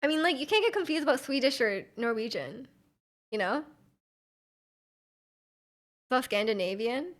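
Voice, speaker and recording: A young woman chatting casually on a live stream, her voice sitting a little high. She rambles loosely, fills her talk with "like" and giggles between thoughts. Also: expressive, normal speed, long pauses. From Vancouver, Canada. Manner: rambling, filler-heavy with frequent "like", giggly. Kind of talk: casual chat, reading out chat.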